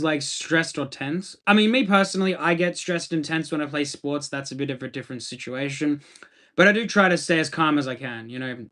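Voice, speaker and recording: A man's voice: on the high side, a bit bright. An Australian man chatting casually on a livestream, laid-back and rambling as he answers viewer comments.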